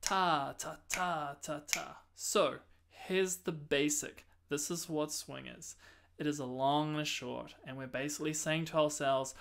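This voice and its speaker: A man's voice: fairly high pitch, fairly even intonation, a little slow, gravelly, background noise. A man giving a music lesson as a saxophone teacher, explaining patiently and counting and singing rhythms aloud.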